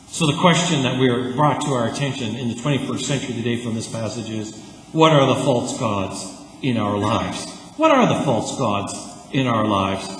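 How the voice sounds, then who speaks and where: A man from Canada preaching a sermon as pastor, conversational and animated, with lively asides. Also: mid-range voice, a little hiss or hum. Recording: echoey church hall.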